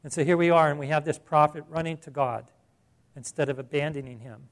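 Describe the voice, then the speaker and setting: A man's voice: on the high side, brisk. A man preaching a sermon in a conversational way, piling up rhetorical questions and rising in emphasis. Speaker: pastor.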